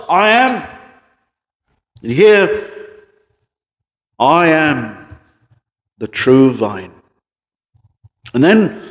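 A man preaching an evening sermon as pastor, emphatic, with drops into a quiet voice. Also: mid-range voice. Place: church. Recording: church hall reverb.

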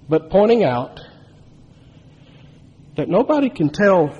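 A man's voice: a little high, moderate pace, a little mellow, husky. A man preaching a sermon, telling a story and building to emphatic, rising climaxes. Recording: long hall reverb.

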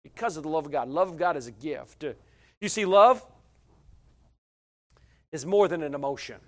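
A middle-aged male pastor delivers a sermon in a notably high voice. He swings from loud, emphatic declarations to quiet, conversational asides. He repeats phrases and stumbles over fillers as he goes. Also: lively intonation, normal speed.

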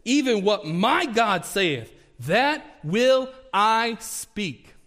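A man's voice: sits high, very animated, very slow, fairly bright tone, pitched above the performer's own voice, exaggerated voice. A man acting out a bold male prophet who will not be bought, speaking firmly and emphatically, in a reverberant hall. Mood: resolute. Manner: firm, emphatic.

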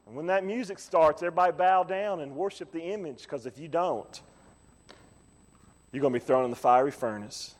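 Male pastor, high voice, dramatic preaching from hush to shout, hall reverb. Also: a little fast. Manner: preaching with big swings from quiet to loud. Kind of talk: sermon.

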